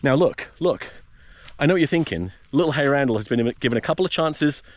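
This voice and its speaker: A man's voice: mid-range voice, lively intonation, fast. A man hosting a rugby podcast, ranting in a profane, rambling, jokey way while hiking outdoors in a desert wilderness. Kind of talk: casual rant while hiking.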